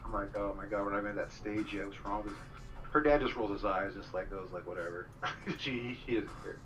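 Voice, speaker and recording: A man's voice: on the low side, steady tone, a little fast, a bit bright, faint music behind. A man telling a rambling story in casual chat, full of fillers. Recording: distant mic with noise.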